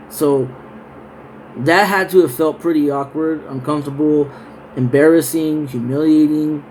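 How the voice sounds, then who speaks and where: A man reading Bible verses slowly, then explaining them in a loose, conversational way with casual asides. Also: on the high side, steady tone, darkish tone, a little hiss or hum, poor audio. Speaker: Bible teacher. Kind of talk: scripture reading and casual Bible study talk.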